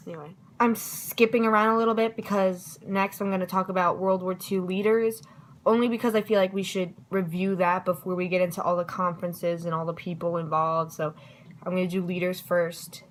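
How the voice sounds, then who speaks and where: A woman's voice: fairly low pitch, a bit bright, slight background noise, low-quality recording. A young woman giving a casual history review, chatty and self-deprecating, now and then tripping over her words.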